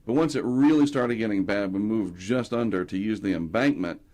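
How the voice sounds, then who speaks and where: A man's voice: fairly low pitch, normal speed. A middle-aged man from North Carolina, a hurricane tracker, telling stories casually in an interview and acting out what people said. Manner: animated anecdotes, acting out quotes.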